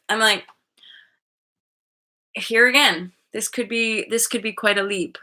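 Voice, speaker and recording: A woman's voice: a little high, steady tone, unhurried, long pauses, bright, forceful tone. A woman hosting her own channel as a spiritual coach, talking in a loose, rambling way, full of "like" and casual swearing.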